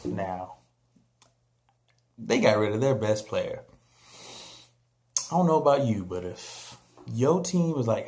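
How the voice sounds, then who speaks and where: A man holds forth on basketball in a casual vlog, animated and joking as he trash-talks teams and players. His mid-pitched voice has a gravelly, fry-laced texture. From San Antonio, Texas. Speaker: vlogger.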